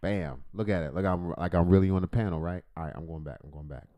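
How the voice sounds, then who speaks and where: A man's voice: low-pitched, fast talker, muffled recording. A man hosting a comedic livestream reaction, rambling, swearing and joking. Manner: rambling, profane, joking, self-interrupting. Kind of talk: casual comedic reaction commentary.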